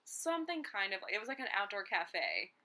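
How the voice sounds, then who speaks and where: A woman's voice: medium pitch, wildly swooping pitch, normal speed, sharp tone, a little hiss or hum. A young woman co-hosting a casual movie review chat, laughing often and chiming in with short quips. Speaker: podcast co-host reviewing a movie.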